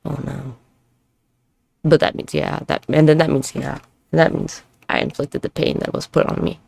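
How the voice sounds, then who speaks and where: A woman's voice: low-pitched, flat delivery, normal speed, gravelly, darkish tone. A woman in her thirties hosting a solo podcast, rambling and swearing as she reflects and jumps between topics while moving around at home. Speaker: podcast host. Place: at home with neighbors nearby.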